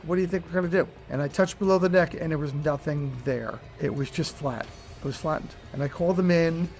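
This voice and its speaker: Earnest middle-aged man recounting loss. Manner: earnest, halting, voice dropping low and soft at painful moments. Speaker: bereaved father and charity founder. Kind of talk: emotional personal storytelling.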